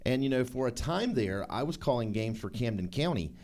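A man's voice: mid-range voice, lively intonation, a little fast, a little mellow. A man hosting sports talk radio, dropping wry one-liners and rambling through restarts.

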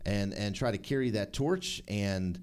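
A man's voice: lowish voice, measured pace, smooth. A man hosting sports talk radio, dropping wry one-liners and rambling through restarts.

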